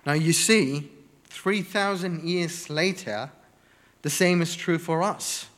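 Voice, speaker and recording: Slow, deliberate male preacher in a reverberant hall. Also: on the high side, a bit bright. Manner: slow, deliberate delivery with emphatic lists. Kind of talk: sermon.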